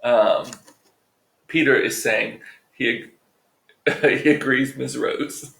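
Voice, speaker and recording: A man's voice: medium pitch, fairly even intonation, slow, vocal fry, fairly bright tone. A man hosting his own vlog, chatting casually to viewers with profane, joking, rambling asides. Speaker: vlog host. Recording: roomy echo.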